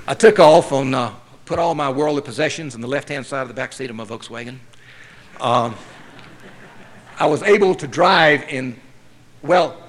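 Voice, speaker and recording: Wry man telling his recovery story. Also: fairly high pitch. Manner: wry, self-mocking storytelling. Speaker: speaker sharing his story at a recovery meeting. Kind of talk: personal recovery testimony.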